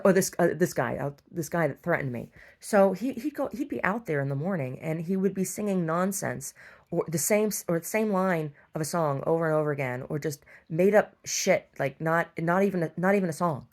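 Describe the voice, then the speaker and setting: A middle-aged woman who owns a store, telling a long rambling story and getting exasperated, with many restarts. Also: sits low. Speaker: store owner. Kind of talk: casual storytelling monologue.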